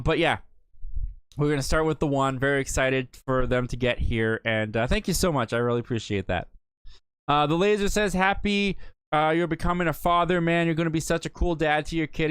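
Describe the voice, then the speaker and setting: A man's voice: a little high, fairly bright tone, smooth, no room sound. Upbeat young man reading chat comments. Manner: chatty, upbeat, reads out comments then reacts. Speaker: host of a live movie talk show. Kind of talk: casual live-stream chat reading viewer comments.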